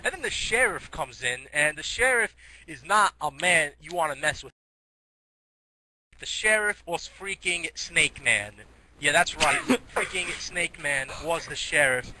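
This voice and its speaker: A man's voice: fairly high pitch, measured pace, sharp tone, poor audio. A teenage boy telling a rambling comic story, giggly, restarting often.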